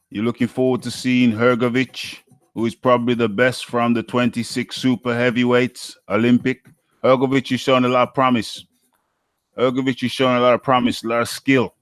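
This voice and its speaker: A man hosts a live boxing talk stream in a middle-range voice, reading viewer comments aloud and answering them. He talks in an upbeat, chatty way and often repeats his own lines. The sound is dry, with no room echo. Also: mid-range voice. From United Kingdom.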